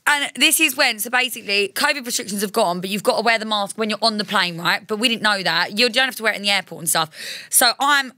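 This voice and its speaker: A woman guest on a podcast, telling a self-mocking anecdote in a lively, sweary casual chat. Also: medium pitch, fast talker, no echo.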